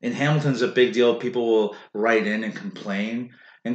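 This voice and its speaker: A man's voice: medium pitch, a little fast, a little hiss or hum. A man co-hosting a casual podcast, blunt and profane, ranting with strong opinions. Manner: blunt and profane, animated rants. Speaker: podcast co-host. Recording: echoey room.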